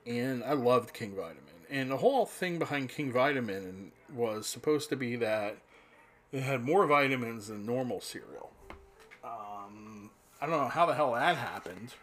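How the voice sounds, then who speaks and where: A man's voice: medium pitch, expressive, moderate pace, a bit bright. A man in his fifties from New Jersey, rambling nostalgically in a casual spoken monologue, with restarts and the odd curse. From New Jersey, USA. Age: 50s. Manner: rambling, nostalgic, profane, self-interrupting.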